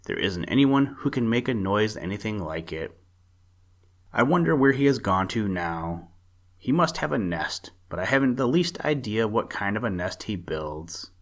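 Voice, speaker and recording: A man voicing a curious young male rabbit in a storybook reading, eager and quick to stammer. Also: fairly low pitch. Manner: excited, stammering.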